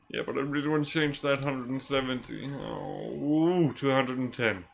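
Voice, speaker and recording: A man's voice: mid-range voice, normal speed, creaky, few pauses, a little hiss or hum. A very tired man giving laid-back, swear-heavy commentary while playing a video game, often stopping and restarting his words. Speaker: gaming channel host. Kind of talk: casual let's-play commentary.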